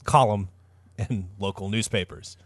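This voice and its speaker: A man's voice: fairly low pitch, measured pace, no room sound. A man hosting a comedy podcast, retelling a story with mock-dramatic flair. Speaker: podcast host.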